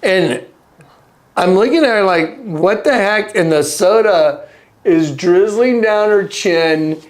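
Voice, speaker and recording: A man being interviewed, telling a story in an animated way, acting out the voices and laughing as he goes. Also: slow. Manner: acts out quotes with big pitch jumps and laughter. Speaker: interview guest.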